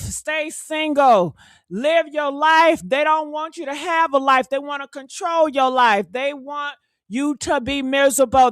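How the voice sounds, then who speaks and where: A woman's voice: sits high, fairly bright tone, dry recording, clean studio sound. Fired-up sassy woman ranting on a live stream. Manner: fired-up, sassy, calls viewers honey and baby.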